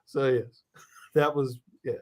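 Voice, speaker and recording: Male guest, casual and self-deprecating, relaxed delivery with frequent fillers. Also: mid-range voice, slow, background noise. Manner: laid-back, self-deprecating, many fillers. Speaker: guest, comics and TV writer. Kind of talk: casual interview chat.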